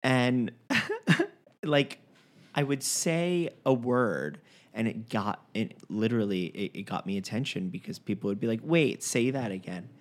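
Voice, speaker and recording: Animated young man, lowish voice. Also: a little slow. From Long Island, raised in Fort Lauderdale. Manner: animated, lively, frequent restarts. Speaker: actor and dialect coach. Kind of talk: casual conversation.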